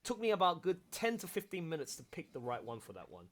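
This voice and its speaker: A man directing an audio drama, hosting a casual, excitable watch-along and laughing often as he gushes about scenes. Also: a little high, fast. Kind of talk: casual commentary chat.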